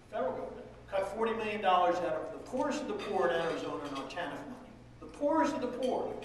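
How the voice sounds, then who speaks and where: This middle-aged man speaks with a high voice, rallying the crowd in a folksy way as a state legislative leader. The mic is far off in an echoey, large room, and a little hiss or hum comes through.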